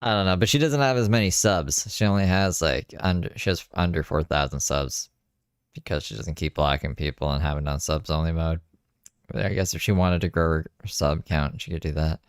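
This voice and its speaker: Tired male streamer, deep gravelly, wry casual commentary, dry close sound. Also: brisk, no room sound. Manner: laid-back, swearing, wry.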